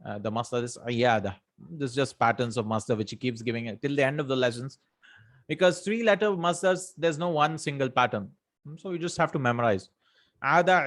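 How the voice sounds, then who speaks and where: Man teaching Arabic grammar, checking in often. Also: mid-range voice. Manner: reads Quranic verses in Arabic, explains in English, checks with "right?" and "hmm?"; many fillers and self-corrections. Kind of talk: explanatory lesson.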